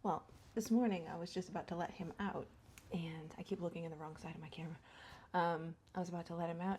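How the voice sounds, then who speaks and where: A middle-aged woman talks through her morning makeup in a loose, rambling way. Her voice sits low, mellow and husky, with a gravelly edge. She laughs often and sometimes drops into a whisper. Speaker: beauty vlogger. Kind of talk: chatty get-ready-with-me. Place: home.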